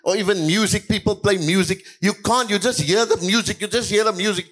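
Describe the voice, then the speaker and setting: A male pastor delivers a sermon in a high-sitting voice at a fairly quick pace. He moves between quiet passages and louder lines, repeating hallelujahs.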